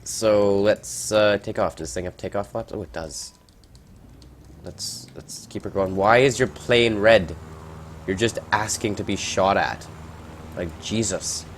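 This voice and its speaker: A man giving casual, rambling gameplay commentary, reacting out loud and swearing at surprises. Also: on the low side, a little slow, a little hiss or hum.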